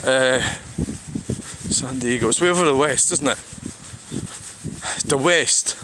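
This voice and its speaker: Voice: mid-range voice, takes it slowly, background noise. Rambling Scottish vlogger walking outside. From Scotland. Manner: rambling, sighing, restarts thoughts. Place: outdoors by a road.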